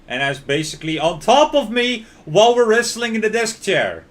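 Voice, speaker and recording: A man's voice: sits high, sing-song, normal speed, slight background noise. A man streaming a game, reading its story aloud in narration and reacting with laughs and panicky outbursts. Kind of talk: reading a visual novel aloud while playing.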